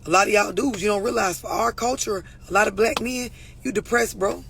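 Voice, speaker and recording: A woman's voice: medium pitch, a little fast, vocal fry, a bit bright, a little hiss or hum. A woman relationship coach talking straight to her viewers, blunt, profane and preachy. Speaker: relationship and mental health coach. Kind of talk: unscripted talk to camera.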